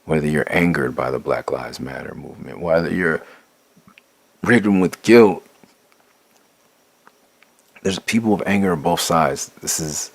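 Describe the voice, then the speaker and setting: A man's voice: extremely low pitch, unhurried, gravelly, pauses often, no echo. A middle-aged man giving a blunt, profane, impassioned spoken monologue, restarting and building in intensity. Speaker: rapper sharing his views.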